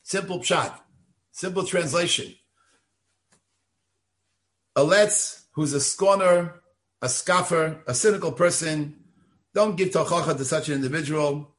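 An older man, a synagogue rabbi, giving a Torah lecture in an earnest, deliberate lecturing tone. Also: a little high.

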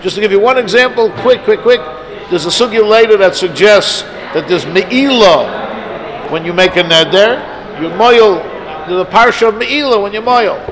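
A man's voice: high-pitched, moderate pace, a crowd in the background. A man giving a Talmud lecture to his students, arguing his points aloud with emphasis. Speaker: Talmud teacher. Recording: noisy class of listeners.

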